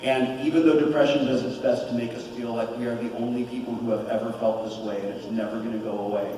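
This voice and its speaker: A man's voice: medium pitch, fast, a little hiss or hum. A man in his forties, a convention panel guest, speaking earnestly and openly about living with depression. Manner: earnest, open and animated. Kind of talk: candid panel talk. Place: large convention hall. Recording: echoey hall from far off.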